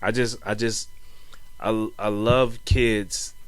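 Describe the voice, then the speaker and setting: A man's voice: lowish voice, steady tone, slow, dry recording. A young man co-hosting a podcast, telling stories in a laid-back, slangy way and often saying "man" and "you know what I'm saying.". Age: young adult. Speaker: podcast co-host. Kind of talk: casual chat.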